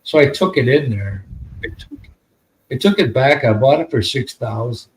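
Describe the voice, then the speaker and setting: A man's voice: medium pitch, big pitch swings, normal speed, a little hiss or hum, poor audio. An American man telling a long, rambling story in casual podcast chat, with plenty of swearing. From United States. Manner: rambling, profane, laid-back. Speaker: podcast host.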